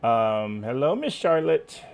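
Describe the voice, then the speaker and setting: A man's voice: mid-range voice, sing-song, takes it slowly, creaky. A man hosting a quilting live stream from home, chatting casually, greeting viewers by name and sometimes losing his train of thought. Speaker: quilting livestream host.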